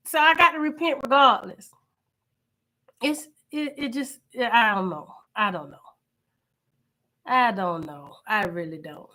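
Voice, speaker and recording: A middle-aged woman talks with her viewers in a casual live stream. Her voice is bright and slightly high, loud and animated, and she repeats phrases often as she chats. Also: unhurried, pauses often. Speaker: channel host.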